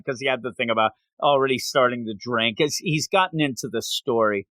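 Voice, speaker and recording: Speaking a little fast with few pauses, a man of medium pitch hosts a podcast with no echo. He goes over a manga chapter casually, animatedly voicing the characters in silly ways.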